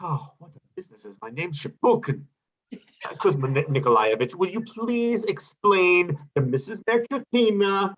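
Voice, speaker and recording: A man's voice: high-pitched, big pitch swings, moderate pace, a bit bright, dull audio, heavily acted. A man voicing a flustered, pompous bank chairman in a stage play reading, stammering over his words.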